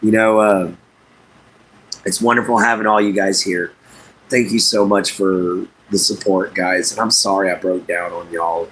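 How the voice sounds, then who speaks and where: Halting man chatting with viewers. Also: sits low, flat delivery, fairly bright tone. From Southeast Texas. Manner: unhurried, halting, many fillers, talks to chat by name. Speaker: livestream host. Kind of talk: casual chat with viewers.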